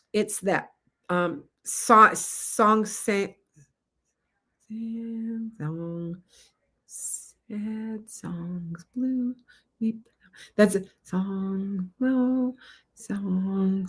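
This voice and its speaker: A middle-aged woman, a psychic tarot reader chatting through a live-stream reading in a rambling way, with laughs and restarts. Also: lowish voice.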